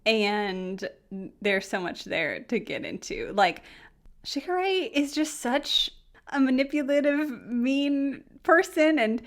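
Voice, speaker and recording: A woman's voice: high voice, lively intonation, slow. Giggly, bubbly young woman vlogger. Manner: bubbly, giggly, rambling with many "like"s. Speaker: anime review YouTuber. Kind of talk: casual excited review vlog.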